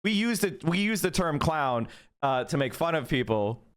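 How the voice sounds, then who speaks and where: A man's voice: a little high, sing-song, normal speed, clear, resonant tone. A middle-aged man hosting a livestream and ranting indignantly at his chat. He repeats himself and swears often. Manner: indignant, repetitive, profane. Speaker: livestream host. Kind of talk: heated livestream rant to chat.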